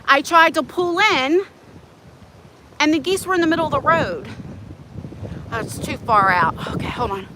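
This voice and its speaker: A woman with a high-pitched, expressive, pushed and bright voice speaks at normal speed with long pauses, sounding out of breath. Hosting a livestream on a phone held on a selfie stick, she rambles casually and greets people in the chat, first outside in the wind and then in a parked car.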